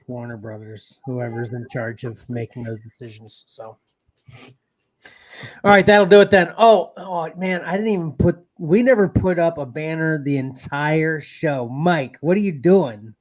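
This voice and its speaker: A man's voice: on the high side, a little slow. A man co-hosting a casual podcast chat, talking loosely with frequent laughs and trailing phrases. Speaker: co-host.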